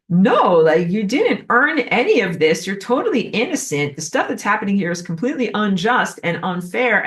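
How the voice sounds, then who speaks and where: A woman's voice: mid-range voice, recorded from a distance. A woman giving a rambling spiritual lesson, digressing often with fillers and acted-out asides. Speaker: spiritual teacher.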